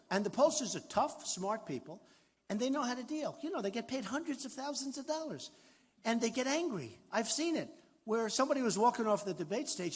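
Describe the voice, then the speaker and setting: A man's voice: extremely high pitch, slightly rough. An older man with a New York accent giving a rambling, boastful campaign speech to a large crowd in a hall. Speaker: political candidate at a rally. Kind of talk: rally speech. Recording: roomy hall reverb, faint crowd noise.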